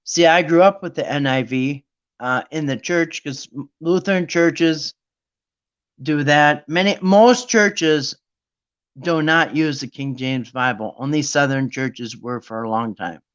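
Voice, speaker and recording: A man's voice: a little high, a little slow, a bit bright, clear, resonant tone, lo-fi sound. A man hosting a Bible study talk, ranting with sarcasm in a rambling, casual monologue.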